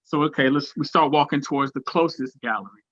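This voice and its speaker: A man giving a spiritual talk, telling a personal story in an animated way and acting out the voices of people in it. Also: on the high side, a little fast, dry recording, highs cut off. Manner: animated, acts out quoted voices. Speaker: speaker at a spiritual gathering.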